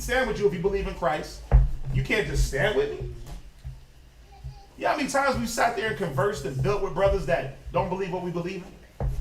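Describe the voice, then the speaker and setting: A man leading a Sabbath study, preaching informally with fiery rhetorical questions and chuckling asides, then reading scripture aloud. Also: sits high. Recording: echoey room, distant mic, noisy.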